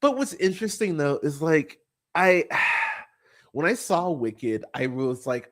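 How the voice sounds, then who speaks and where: A man's voice: on the high side, sing-song, fairly bright tone. A man hosting a podcast, talking in a casual chat that rambles and swears freely, with lots of fillers and restarts. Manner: rambling, profane, halting with many fillers. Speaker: podcast host.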